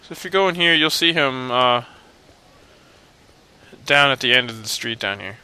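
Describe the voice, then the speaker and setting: A young man talks through a video game in loose, rambling commentary, cracking jokes and poking fun at himself. His voice is bright and crisp, with a clear, smooth tone. He sits mid-range in pitch. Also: lively intonation, normal speed. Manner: joking, rambling, self-mocking. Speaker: let's play host. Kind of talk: casual gameplay commentary.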